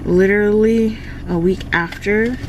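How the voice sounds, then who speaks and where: A woman's voice: mid-range voice, steady tone, unhurried, darkish tone, a little hiss or hum, rough recording. A woman vlogging in a casual, chatty way, talking straight to her viewers. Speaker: lifestyle vlogger. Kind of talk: casual vlog chat to camera.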